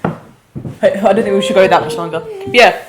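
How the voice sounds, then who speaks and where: A woman's voice: mid-range voice, quick pace, background noise. A young woman co-hosting a casual podcast chat, rambling along with lots of "like" fillers. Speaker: podcast co-host.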